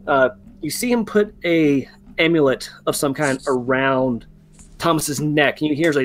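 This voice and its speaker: A man's voice: fairly high pitch, normal speed, no echo. A man narrating as game master in a tabletop game, talking loosely with many fillers and restarts.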